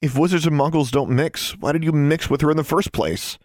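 A man reading an audiobook, voicing a hurt, sharp-tongued teenage witch girl in a raised, sharp voice. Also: lively intonation, fairly quick, no room sound, clean studio sound. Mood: angry. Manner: pitched up, hissing and sharp when angry.

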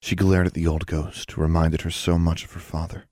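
Deep-voiced man narrating an audiobook. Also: little pitch movement, fairly quick, hardly any pauses, warm tone, no echo. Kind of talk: scripted storybook narration.

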